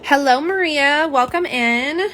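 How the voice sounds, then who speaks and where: A woman's voice: sits high, slow pace, sharp tone, slight background noise. A young woman hosting a casual live stream, chatting and reading viewer comments aloud. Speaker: livestream host. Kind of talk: live unboxing and swatch stream.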